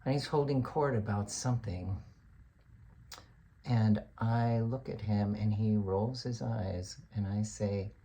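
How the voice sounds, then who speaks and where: A man's voice: fairly low pitch, takes it slowly, warm tone. Exasperated man telling a story. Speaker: college lecturer. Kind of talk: dramatic comic monologue.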